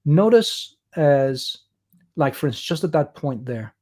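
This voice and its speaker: On a livestream drawing demo, a man from Ireland chats through his work in a slightly high, somewhat dark voice. He speaks at a measured pace, and his pitch swings widely.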